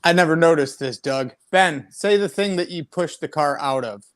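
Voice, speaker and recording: A man's voice: fairly high pitch, moderate pace. An American man chatting as a guest on a casual livestream, laughing easily.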